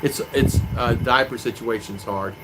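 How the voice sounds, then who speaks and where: Speaking unhurriedly in a mid-range voice, a US-born vlogger at his home in the Philippines chats loosely on a live-stream, reading out viewer comments and responding. A distinct clicking sound runs behind his voice.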